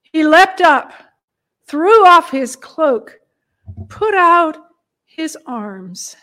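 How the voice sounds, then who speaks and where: Woman storyteller, high voice, slow and expressive, dramatic retelling. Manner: expressive, with hushed moments and long pauses.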